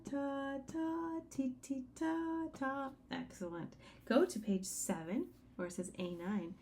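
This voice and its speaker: A woman's voice: mid-range voice, darkish tone. Patient woman teaching a singing lesson. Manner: patient, step-by-step instructions with sung examples. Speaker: music teacher.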